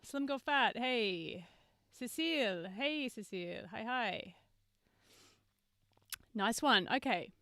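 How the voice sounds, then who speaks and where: A woman's voice: fairly high pitch, animated, takes it slowly, pauses often, sharp tone, dry recording. Chatty woman hosting a studio livestream. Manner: chatty, greets viewers by name, many fillers. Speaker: mixing engineer hosting a livestream masterclass. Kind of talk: casual livestream teaching. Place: studio with a mixing desk. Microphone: webcam and computer mic on a video stream.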